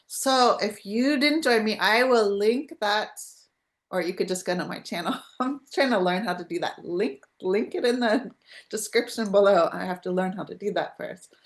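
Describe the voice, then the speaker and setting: A woman's voice: mid-range voice, moderate pace. A woman hosting a live spiritual podcast over a video call, talking casually in a rambling, chatty way with frequent restarts. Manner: rambling, chatty, self-interrupting with laughs. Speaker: podcast host.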